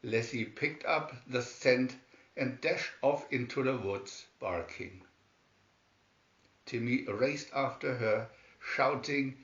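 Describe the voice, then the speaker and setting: A man reading a children's storybook aloud in a slow, measured way. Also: mid-range voice, fairly bright tone. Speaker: storybook reader. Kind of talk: read-aloud storybook narration. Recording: roomy, dull lo-fi sound.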